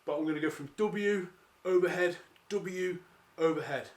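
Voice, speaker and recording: Male calisthenics coach, high voice, echoey room at home, upbeat follow-along cues. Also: normal speed. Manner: encouraging, counts down reps, trips over words. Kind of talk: follow-along workout instruction. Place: home during lockdown, exercising on the floor.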